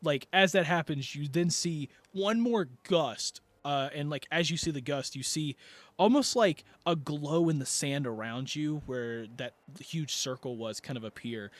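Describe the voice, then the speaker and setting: A man running a tabletop game as its game master, talking the players through the action in a loose, rambling way with many filler words. His voice sits a little high and sounds bright and forward. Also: no room sound. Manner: rambling narration full of fillers and restarts.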